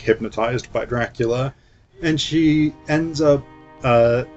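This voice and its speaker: A man's voice: medium pitch, darkish tone, dull audio. A man hosting a casual film review, retelling the plot in a sarcastic, jokey way with lots of fillers. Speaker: host.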